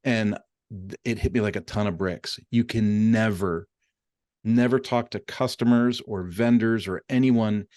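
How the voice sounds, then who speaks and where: Lively storytelling man, low and dry. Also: unhurried, no room sound. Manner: animated storyteller with many fillers. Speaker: podcast host. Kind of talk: casual interview chat.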